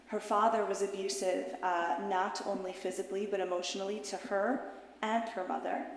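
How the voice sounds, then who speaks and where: A woman speaking as a mentor and teacher, telling an emotional story to an audience in a dramatic way that drops to a hush and rises loud and high. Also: slight background noise. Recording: echoey hall with long reverb.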